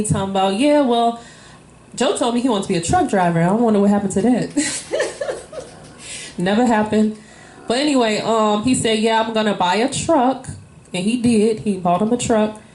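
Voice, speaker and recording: A woman speaking candidly about her life in a loose, rambling way. Her voice sits at a middle pitch. The room around her rings with a noticeable echo. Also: darkish tone. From Illinois. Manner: candid, emotional, rambling with fillers. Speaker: interviewee, wife. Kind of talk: casual personal storytelling. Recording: echoey room.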